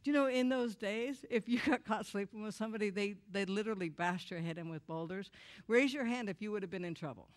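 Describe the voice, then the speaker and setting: A woman's voice: mid-range voice, quick pace. A woman giving a personal testimony to a church audience, candid and emotional with wry humor.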